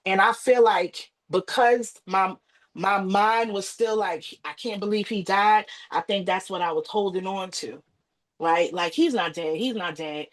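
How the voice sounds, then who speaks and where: A woman's voice: mid-range voice, measured pace. A woman, a podcast guest, telling an emotional personal story, acting out the voices of family members and repeating herself. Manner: animated retelling with acted quotes and repetition.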